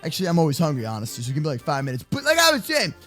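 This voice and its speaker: A man's voice: fairly high pitch, huge pitch swings, rapid-fire, a bit bright, faint music behind, heavily acted. A man voicing a cocky, always hungry baby moose boy in a Minecraft roleplay, talking in broken, clipped grammar and repeating words in bursts. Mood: frantic.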